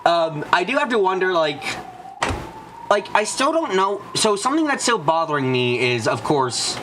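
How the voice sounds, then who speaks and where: Over game music, a let's play streamer with a mid-range, sing-song voice talks through a visual novel at a normal speed. The commentary is gushing and rambling, and he swears constantly.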